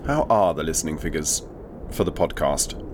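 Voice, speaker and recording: A very deep, deadpan detective who answers in clipped, curt phrases. He sounds aloof and dry. A loud hiss sits under the recording. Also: normal speed. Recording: noisy background hiss.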